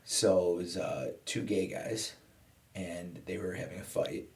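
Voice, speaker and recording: A man's voice: low voice, unhurried. A man telling a story in casual podcast chat, acting out the people he quotes. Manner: animated storyteller who acts out quoted people. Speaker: podcast guest.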